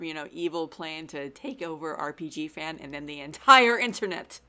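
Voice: medium pitch, normal speed, bright, forceful tone, smooth. A podcast co-host in casual chat, easygoing and playful.

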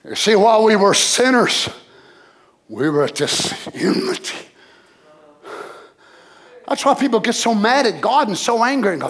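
A man preaching a sermon, dropping to low murmurs and rising to loud shouts. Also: very animated, unhurried.

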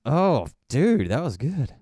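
A man's voice: a little high, very animated, slow pace, dark tone, slightly rough, no echo, clean studio sound. A man co-hosting a podcast, rambling through casual chat and laughing often. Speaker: podcast co-host. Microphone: studio mic with headphones.

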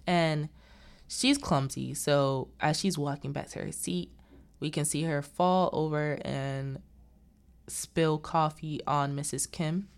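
A woman casually retelling a movie's plot as a recap host, acting out the characters' lines as she goes. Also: low-pitched. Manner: animated retelling with quoted dialogue.

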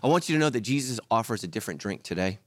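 A middle-aged male pastor preaching a sermon, telling stories and acting out voices with lively energy. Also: on the low side, racing, dry recording, clean studio sound. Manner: animated storytelling, acts out voices.

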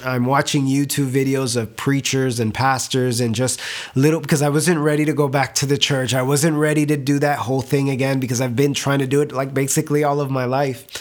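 Earnest young man sharing a testimony. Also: medium pitch. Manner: earnest, emotional, halting with repeated words. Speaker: testimony speaker. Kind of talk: personal faith testimony.

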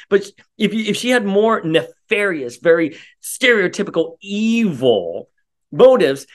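Ranting man with a higher voice. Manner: animated, ranting, rises sharply when riled. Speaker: commentator. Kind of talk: opinionated casual commentary.

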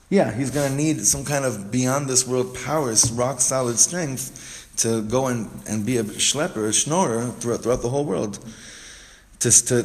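A man's voice: medium pitch, a little mellow. Man teaching a casual text class. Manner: explains step by step, repeats phrases, frequent restarts.

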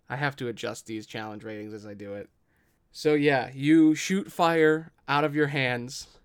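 A man running a tabletop game as game master, describing the scene in a relaxed way. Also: medium pitch, smooth.

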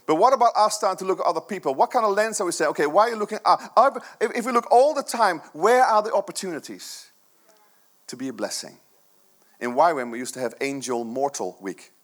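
Earnest male preacher, slightly high voice. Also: fast, fairly bright tone. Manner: earnest, conversational preaching with rhetorical questions. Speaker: pastor. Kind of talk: sermon.

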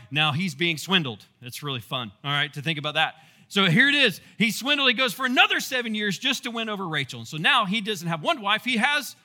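A male pastor giving a casual Bible teaching, telling the story in a playful, animated way with asides to the congregation. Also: high voice.

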